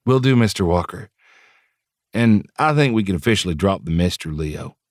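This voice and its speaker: A man's voice: low voice, animated, normal speed, dry recording, studio quality. A man doing an earnest eighteen-year-old student. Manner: earnest, modest.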